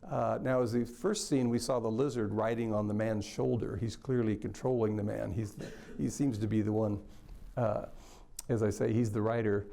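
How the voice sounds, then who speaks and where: A man's voice: lowish voice, fairly even intonation, normal speed, gravelly, dark tone. A man, a literature scholar, explaining a book in a thoughtful lecture-style talk.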